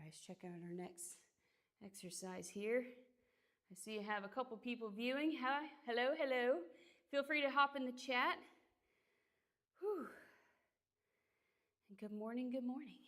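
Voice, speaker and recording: A woman's voice: fairly high pitch, moderate pace, pauses often, fairly bright tone. A young woman streaming her workout, out of breath, chatting casually and greeting viewers by name between exercises. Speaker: fitness streamer.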